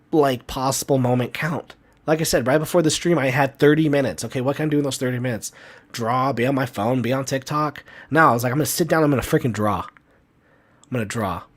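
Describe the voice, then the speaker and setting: A man, a comic artist hosting his own live stream, talking in a ranting, animated way and repeating himself, saying he feels sick. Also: on the high side. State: sick, tired. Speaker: comic artist and channel host.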